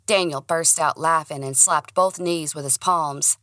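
A woman narrates a first-person audiobook with an expressive, dramatic reading. Her voice sits slightly low yet sounds bright and crisp. The recording is dry and close. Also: unhurried, hardly any pauses, no echo.

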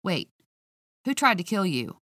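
A woman voicing a calm, teasing male police officer who speaks in a measured drawl. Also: medium pitch, no echo, studio quality, heavily acted.

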